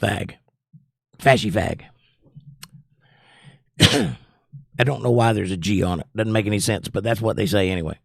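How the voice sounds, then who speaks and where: A man's voice: lowish voice, normal speed, creaky, pauses often, noisy background. A man hosting a casual livestream, reading viewer comments aloud and rambling between them. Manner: chatty, rambling, reads chat aloud. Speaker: livestream host.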